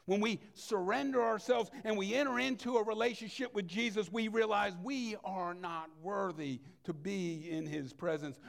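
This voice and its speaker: Male pastor, sermon. High, gravelly voice, earnest, drops to a hush then presses hard. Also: moderate pace, hardly any pauses.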